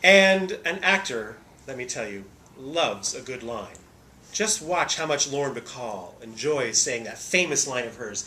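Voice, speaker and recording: A man's voice: medium pitch, lively intonation, measured pace, bright, forceful tone, slight background noise. A man who is a stage actor, telling a humorous story in a theatrical, playful way.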